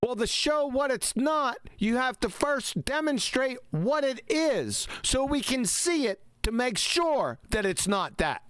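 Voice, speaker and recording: A man's voice: very high-pitched, big pitch swings, unhurried, hardly any pauses, a bit bright, clean tone, no echo, studio quality. A man co-hosting a live stream, commenting on a video in a sarcastic, insulting way. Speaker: live show co-host.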